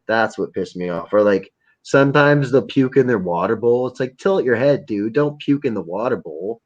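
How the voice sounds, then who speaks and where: Young man, casual profane rambling, mid pitch, dull low-fi stream audio. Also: darkish tone. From Canada. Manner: rambling, profane, jokey storytelling. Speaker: livestream host. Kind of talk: casual livestream chat.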